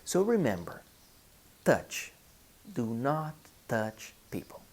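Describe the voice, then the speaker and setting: A Brazilian man, a native Portuguese speaker, teaching an online English lesson with a Brazilian Portuguese accent, speaking deliberately and repeating key phrases. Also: mid-range voice, big pitch swings, vocal fry, a little mellow.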